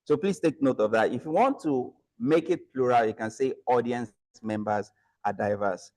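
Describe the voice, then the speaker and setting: A man's voice: medium pitch, normal speed, darkish tone. A man evaluating a club meeting, standing at a lectern and correcting speakers with rhetorical questions. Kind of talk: club meeting feedback speech.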